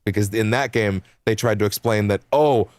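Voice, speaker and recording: A young adult man streaming games, chatting casually in a rambling, animated way, laughing often and swearing freely. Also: fairly low pitch, a little fast, dry recording. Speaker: game streamer. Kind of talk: casual chat while livestreaming.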